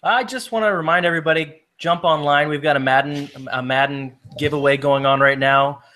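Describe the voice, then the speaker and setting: A man's voice: fairly high pitch, fairly even intonation, fairly quick, sharp tone, slight background noise. A man co-hosting a casual podcast, friendly and easygoing, with lots of ums. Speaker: podcast co-host.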